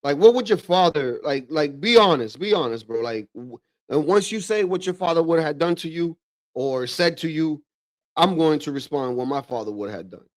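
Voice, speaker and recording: A man hosting a livestream in casual, slangy reaction commentary, calling everyone "bro" and getting animated. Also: a little high, moderate pace, dry recording, studio quality. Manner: animated, drops into mock voices of relatives. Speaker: livestream host.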